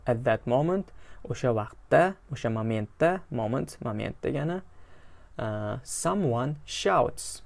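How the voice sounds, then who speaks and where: A man from Uzbekistan leads an English lesson, reading a story phrase by phrase and translating as he goes. His voice sits at an ordinary middle pitch. He repeats each phrase slowly and pauses often as he explains it. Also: creaky. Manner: hesitant, frequent pauses. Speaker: English teacher.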